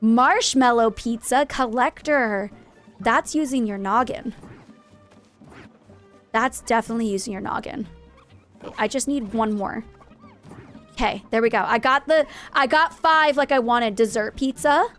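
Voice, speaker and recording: A woman's voice: fairly high pitch, a little slow, long pauses, fairly bright tone, soft background music. A woman live-streaming a game in casual chat, greeting viewers and going off on playful, jokingly dramatic rants.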